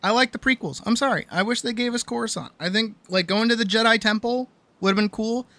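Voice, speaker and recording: A young adult woman streamer telling a story in a casual, animated rant, swearing often and full of fillers. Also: a little high, fast talker, no room sound.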